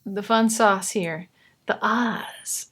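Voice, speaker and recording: A young woman explaining how she records and layers vocals, in a chatty, relaxed way with asides. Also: medium pitch, extremely slow, husky. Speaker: vocal producer teaching. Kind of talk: casual tutorial explanation.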